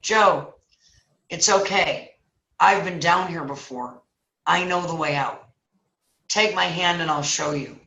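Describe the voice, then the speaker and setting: A woman voicing a calm, kind male friend who speaks softly and steadily. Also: sits high, normal speed, hardly any pauses, echoey room, recorded from a distance, pitched above the performer's own voice, full character voice. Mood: reassuring. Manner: soft and steady.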